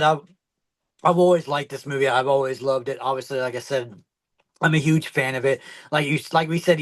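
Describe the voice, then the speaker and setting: A man co-hosting a podcast, talking in casual chat that rambles with many fillers and restarts. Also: mid-range voice. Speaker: podcast co-host.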